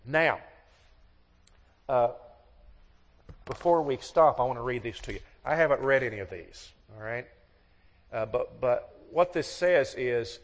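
A man preaches a sermon to his congregation at a moderate pace and medium pitch, leaving long pauses. He tells folksy stories and acts out the voices of the people in them. A long hall reverb colors the recording.

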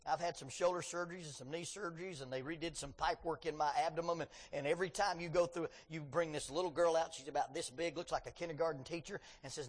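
Male pastor, sermon, husky voice, slightly high pitch, long reverb. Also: steady tone, quick pace, hardly any pauses. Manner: conversational, joking asides, dramatic scripture reading.

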